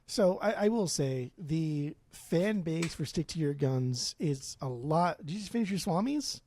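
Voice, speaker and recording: Blunt, mellow-voiced man co-hosting a podcast. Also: on the high side, animated, measured pace, no room sound. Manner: blunt, profane, opinionated. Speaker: podcast co-host. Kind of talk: casual podcast chat.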